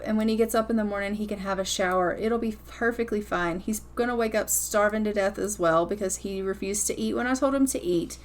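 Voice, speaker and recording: Chatty woman narrating a life-sim game. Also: a little high. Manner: chatty, blunt, swears casually. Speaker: gameplay commentator. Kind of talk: casual gameplay commentary.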